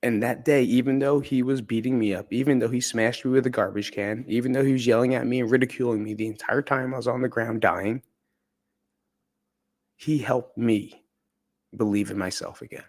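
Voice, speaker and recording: A man's voice: medium pitch, fairly even intonation, moderate pace, a little mellow. A man candidly telling a personal story in a conversational, profane way. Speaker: podcast speaker.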